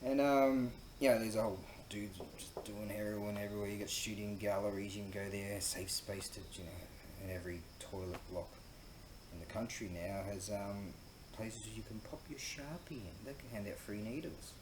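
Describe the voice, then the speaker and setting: Aussie bloke rambling thru a crude story, swearing, ums everywhere, roomy echo. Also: male voice, lowish voice, normal speed. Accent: Australian. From Australia. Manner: rambling, crude and profane, many fillers, laughs at own story. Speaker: host. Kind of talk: casual storytelling monologue. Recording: echoey room with faint ambient noise.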